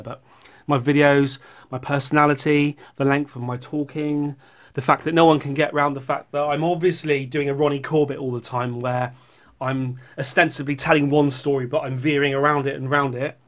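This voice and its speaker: A middle-aged man rambling sarcastically as he reads out viewer comments on his channel. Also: mid-range voice. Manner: sarcastic, rambling, puts on silly voices for comments. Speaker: YouTuber reading viewer comments.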